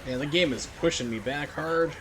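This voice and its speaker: A man's voice: on the high side, normal speed, noisy background. A young man chatting casually and rambling while he plays through a speedrun on a live stream. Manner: rambling, heavy on "like" fillers.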